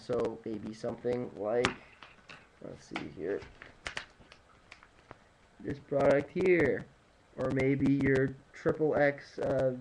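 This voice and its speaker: A man's voice: medium pitch, slight background noise, rough recording. A man giving an informal talk on food trends, rambling through figures with many fillers, restarts and joking asides. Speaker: nutrition presenter. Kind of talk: casual informal lecture. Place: home room at sunrise.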